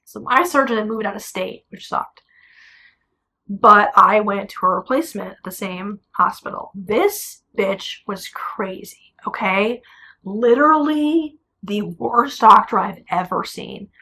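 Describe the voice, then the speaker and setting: Young female singer for a vlog, blunt and animated with a gravelly edge. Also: medium pitch. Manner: animated, blunt, swears casually. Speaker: singer telling her story. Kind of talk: casual storytelling vlog. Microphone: camera.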